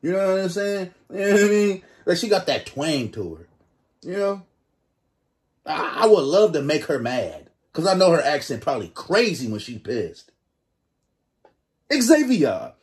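A man's voice: a little high, very animated, normal speed, a little mellow. A man in his twenties hosting a reaction video, joking in loose slang. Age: 20s. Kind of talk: casual reaction commentary.

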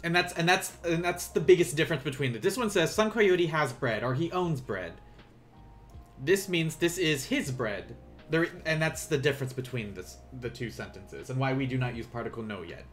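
A man teaching a live online language lesson, explaining patiently and repeating phrases slowly for learners. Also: on the high side, lively intonation, soft background music.

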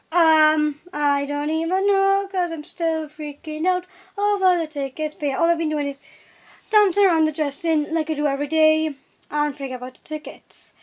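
A young woman vlogger chats casually in a rambling, flustered way, using lots of filler words. Her voice is high, and the recording quality is low.

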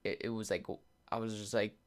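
A man's voice: lowish voice, little pitch movement, brisk. A young man casually telling a rambling story to his viewers, full of "like" fillers and acted-out quotes. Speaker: YouTuber.

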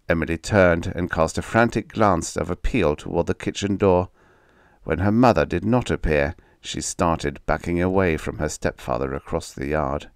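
A man with a very deep voice reading a story aloud as audiobook narration. His delivery is measured and dramatic. The sound is close and dry, with no room around it. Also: smooth, dry recording.

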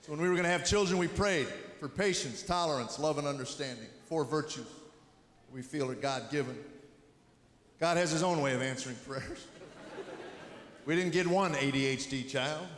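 A middle-aged man with a fairly high voice works a stand-up routine, dry and wry, tossing off quick asides. He plays to a big echoing hall, with room noise clearly under him. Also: fairly bright tone. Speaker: stand-up comedian. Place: large hall with live audience.

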